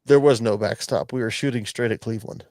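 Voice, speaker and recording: A man's voice: medium pitch, quick pace, darkish tone, dry recording. Guy rambling on a podcast, swears a lot, mid voice, dry close mic. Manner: rambling, profane, storytelling. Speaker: podcast host. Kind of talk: casual chat.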